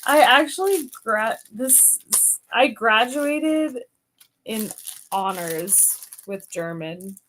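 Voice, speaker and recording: A woman's voice: fairly high pitch, expressive, drawn-out words, fairly bright tone, slight background noise. A young woman chatting casually while crafting, bubbly and playful, laughing often. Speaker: guest, stepdaughter.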